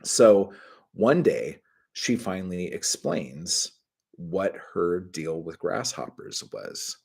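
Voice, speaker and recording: A middle-aged man hosting his own livestream, chatting casually, rambling and swearing with sudden bursts of excitement. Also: sits low, slow, gravelly, husky. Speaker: channel host.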